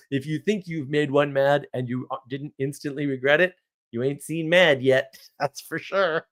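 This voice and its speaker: A man's voice: on the high side, fairly even intonation, unhurried, fairly bright tone. A man hosting a live stream, telling stories in a casual, rambling way, laughing often and checking in with "right?" asides. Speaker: livestream host.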